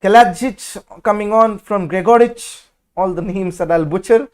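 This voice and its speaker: A man hosting a football watch-along, giving live match commentary in an excitable, blunt and outspoken way. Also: high voice, normal speed, clear, resonant tone.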